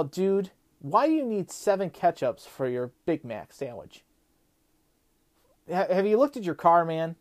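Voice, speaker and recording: A middle-aged man hosting a casual monologue, rambling with many fillers and getting loud and heated as he rants. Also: on the high side. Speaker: podcast host.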